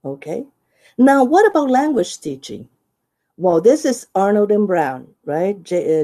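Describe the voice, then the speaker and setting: Slow, mellow-voiced Brazilian woman presenter. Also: lowish voice. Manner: frequent "right?" and "okay?" checks; explanatory, with many "uh" pauses. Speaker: conference presenter. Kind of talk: teacher-training presentation.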